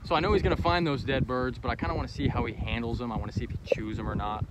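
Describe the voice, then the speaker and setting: A man's voice: medium pitch, fairly even intonation, very fast. A man hosting his hunting channel, chatting casually and easily with plenty of fillers while out in a field by water, recorded on a handheld camera. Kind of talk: casual outdoor vlog talk. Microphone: handheld camera mic. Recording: outdoor recording, clear background noise.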